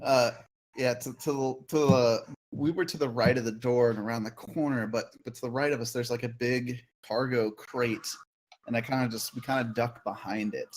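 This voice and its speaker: A man's voice: medium pitch, steady tone, normal speed. A man playing a tabletop role-playing game on a stream, talking in a hesitant, rambling way with many restarts. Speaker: player.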